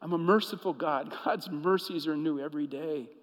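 A man serving as pastor delivers a sermon full of stories, shifting from hushed, intimate moments to emphatic, rising ones. His voice sits on the high side at a moderate pace, and the poor-quality recording carries a long reverb tail.

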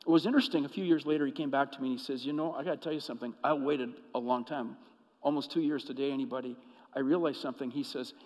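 A man preaching a sermon as pastor, telling stories and moving between hushed, intimate passages and emphatic, rising ones. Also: medium pitch, fairly even intonation, quick pace, long reverb tail, rough recording.

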